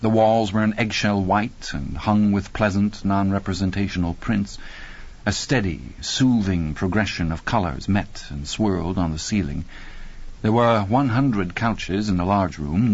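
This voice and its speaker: A man giving a steady, measured scripted narration of a story. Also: sits low, dull audio. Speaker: audiobook narrator.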